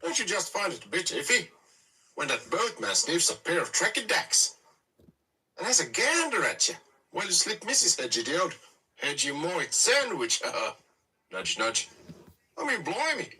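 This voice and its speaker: A man's voice: fairly high pitch, huge pitch swings, moderate pace, pushed and bright, slightly rough, distant mic, full character voice, low-quality recording. A man voicing a crude, blokey Australian man who talks in matey slang and throws cheerful insults. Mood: cheeky.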